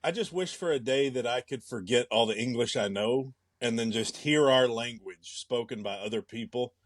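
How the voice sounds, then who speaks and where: Young man, American accent, rambling and halting, laughs a lot, mid pitch, dry close sound. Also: no echo. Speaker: podcast co-host. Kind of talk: casual chat.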